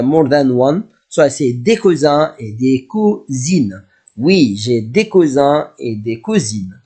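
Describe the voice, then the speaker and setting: A man teaching beginner French, whose first language is Arabic. He explains in English and repeats each French word slowly. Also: mid-range voice, darkish tone, husky. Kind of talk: slow classroom language lesson.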